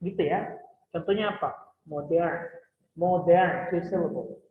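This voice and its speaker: High-voiced teacher in an echoey hall. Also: male voice, normal speed. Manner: switches between English and Indonesian, asks students questions. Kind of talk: classroom explanation. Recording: echoey hall over a tinny line.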